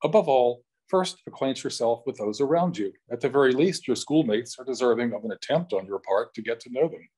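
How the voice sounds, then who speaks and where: A man voicing a stern, surly giant of a headmaster in a read-aloud novel, severe and then calm and distracted. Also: medium pitch, a little fast, husky, close to an everyday voice, rough recording.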